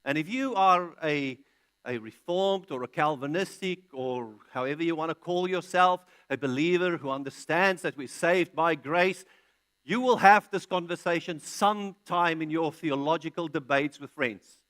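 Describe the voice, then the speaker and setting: A man's voice: fairly high pitch, moderate pace, fairly bright tone, smooth. A man preaching an expository sermon, reading scripture aloud and answering his own questions with emphatic, punched key words. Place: large church hall.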